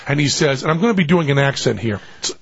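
A gravelly, husky man telling a comic story in a loose, chatty way. He is animated and self-mocking, often laughing and jumping up in pitch. The sound is dry and a little dull. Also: fast talker, no room sound.

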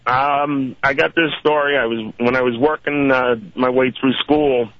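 A man's voice: medium pitch, fairly even intonation, normal speed, dry recording. A man calling in to a radio show, hesitantly telling a story with many fillers. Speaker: caller. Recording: dull lo-fi radio audio.

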